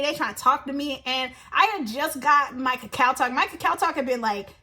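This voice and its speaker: Young woman vlogging, high bright voice, laughing a lot, slangy and hyped. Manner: animated, laughing, slangy and emphatic. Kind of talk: casual storytelling to camera.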